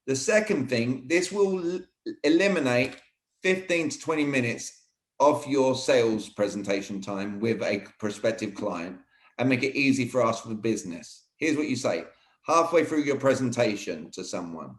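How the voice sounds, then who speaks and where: A man coaching on sales technique in an energetic, emphatic way, often saying "all right". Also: mid-range voice. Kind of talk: teaching sales techniques in conversation. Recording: roomy echo.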